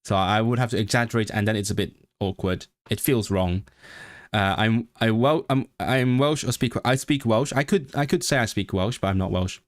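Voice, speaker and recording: A young man from Hong Kong with a British English accent, chatting casually on a livestream and thinking aloud in halting bursts, full of restarts and self-corrections. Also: on the low side, dry recording, studio quality. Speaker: livestreamer and language learner.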